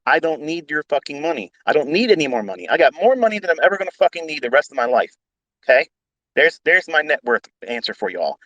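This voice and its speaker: A man's voice: on the high side, sing-song, fast talker, a bit bright, no room sound, highs cut off. A man teaching trading as a mentor, ranting bluntly with heavy swearing and repetition. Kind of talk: unscripted profane rant.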